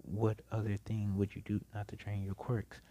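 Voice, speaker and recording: A man's voice: lowish voice, completely flat delivery, normal speed, mellow, close to an everyday voice. A man voicing a stern, sleepy, blunt adult male teacher in a casually told fan story, speaking curtly and dismissively. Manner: curt and dismissive.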